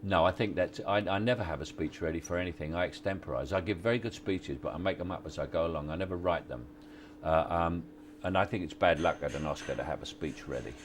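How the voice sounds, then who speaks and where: A man, giving relaxed, halting interview answers on location at a film set, with many restarts and wry chuckles. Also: sits low, a little hiss or hum. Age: 60s. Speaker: actor interviewee.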